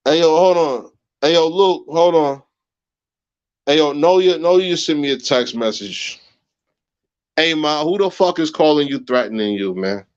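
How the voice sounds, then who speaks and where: A man's voice: lively intonation, unhurried, long pauses, clean tone. Profane agitated man ranting on a muffled livestream. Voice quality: profane, agitated, repeats phrases. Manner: swings from low mutters to high shouts. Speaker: livestream host. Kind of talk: heated livestream rant.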